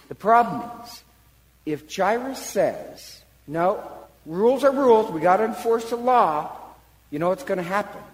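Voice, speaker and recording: Animated preacher man in a reverberant hall. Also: a little high. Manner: animated storytelling, acts out quoted voices. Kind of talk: sermon.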